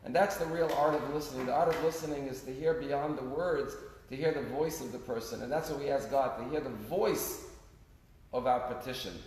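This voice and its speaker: In an echoey synagogue sanctuary with long reverb and a faint hiss, a rabbi preaches a sermon. His medium-pitched voice is brisk and a little mellow, and he tells stories earnestly as his loudness rises and falls.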